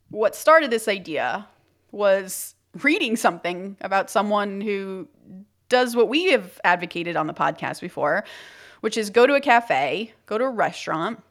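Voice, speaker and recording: A young woman co-hosts a relaxed podcast. She is chatty and laughs easily, and her speech rushes forward in quick bursts. Her voice sits at an everyday middle pitch. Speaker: podcast co-host. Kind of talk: casual podcast chat.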